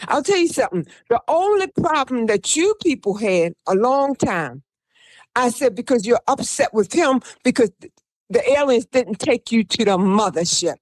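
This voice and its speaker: A woman hosts a radio show in a fairly high voice that leaps up and down as she tells a rambling personal story. She keeps urging her listeners on and slips into the voices of the people she quotes. The sound is dry, with no room echo. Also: animated, normal speed. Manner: exhorting listeners, repeating "come on, people". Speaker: radio show host and self-styled prophetess.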